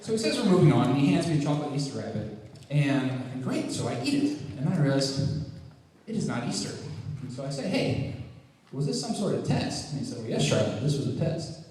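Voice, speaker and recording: A man performing a stand-up comedy routine, telling stories with quick deadpan punchlines. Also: medium pitch. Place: talent show stage in a hall. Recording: echoey hall from far off, audience laughter. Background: audience laughing.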